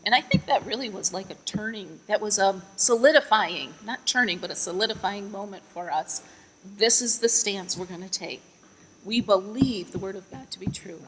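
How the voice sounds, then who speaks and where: A woman's voice: medium pitch, normal speed, a bit bright, slight background noise. A mother giving an earnest faith testimony in an interview, retelling her prayers with rising emphasis. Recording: long echoing reverb.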